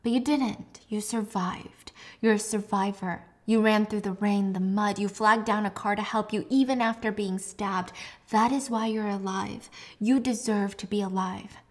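A woman voicing a calm, insistent woman psychiatrist who speaks softly and reassuringly. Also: mid-range voice, unhurried, natural voice. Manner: soft, soothing, reassuring.

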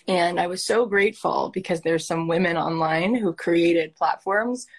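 Unhurried and lowish in voice, this woman hosts as a life coach in a sincere, heartfelt coaching talk. Her storytelling is animated, earnest and emotional.

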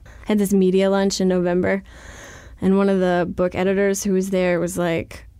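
A woman's voice: mid-range voice, monotone, moderate pace, dark tone, smooth, no room sound, studio quality. A woman author being interviewed, talking frankly and casually with lots of "like". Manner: chatty, frank, fills speech with "like". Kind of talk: candid conversational interview.

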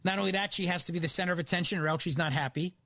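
Philly-accented male radio host, opinionated, high and bright. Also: very fast, dry recording. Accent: Philadelphia. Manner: animated, opinionated. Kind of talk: talk radio monologue.

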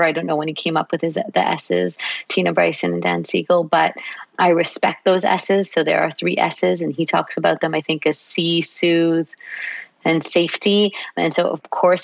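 A woman's voice: sits low, gravelly, no echo, poor audio. A woman psychologist guest in a podcast interview, explaining at length and acting out little parent-child exchanges. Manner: warm explanatory, acts out parent-child dialogue.

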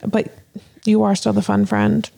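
A woman co-hosts a podcast in easy, casual talk, supportive and quick to swear. Her voice is mellow and dark-toned with a creaky fry. She sounds like a close friend talking plainly. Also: mid-range voice, monotone. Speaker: podcast co-host. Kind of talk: casual chat.

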